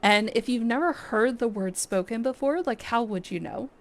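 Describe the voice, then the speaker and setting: A woman's voice: fairly high pitch, moderate pace. A woman from Texas streaming a game, chatting casually and laughing at herself often. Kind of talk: casual chat while playing.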